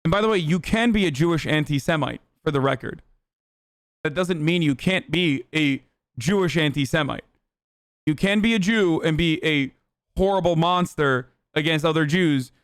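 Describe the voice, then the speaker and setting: A man's voice: a little high, moderate pace, clean tone, dry recording, clean studio sound. A man hosting a livestream, giving heated, sarcastic political commentary with lots of swearing. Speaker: livestream host. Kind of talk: ranting political commentary stream.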